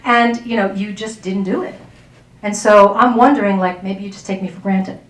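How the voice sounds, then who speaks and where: A woman quoting her patient husband as he calmly and carefully states a grievance. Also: mid-range voice, normal speed, distant mic, lightly acted. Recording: roomy sound from off-mic.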